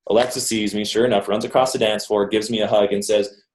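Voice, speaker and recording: A man's voice: on the low side, flat delivery, quick pace, slight background noise. A man in his thirties telling a personal story to a live audience in a chatty, joking manner, often checking in with "okay?". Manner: conversational, jokey, keeps checking in with "okay?". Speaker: motivational speaker. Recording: roomy echo.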